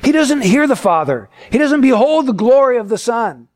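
Male pastor, sermon delivery, lively pitch swings, acts out voices in his stories. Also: moderate pace. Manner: expressive storyteller, acts out quoted voices.

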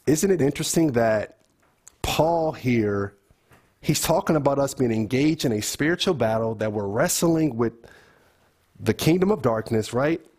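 Husky man leading a bible study. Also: mid-range voice, animated, a little slow, a little mellow. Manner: thinking aloud, asks the group questions.

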